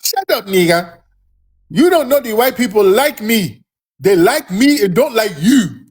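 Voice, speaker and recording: A man's voice: sits high, sing-song, a little slow, husky, pitched above the performer's own voice, heavily acted. A man voicing a smug, boastful man who looks down on others, in a taunting, superior manner.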